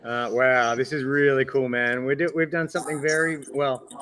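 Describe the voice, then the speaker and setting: A man's voice: mid-range voice, fairly even intonation, normal speed, fairly bright tone, a little hiss or hum. A man hosting a live stream, talking casually and encouragingly, often calling people "man" and "brother".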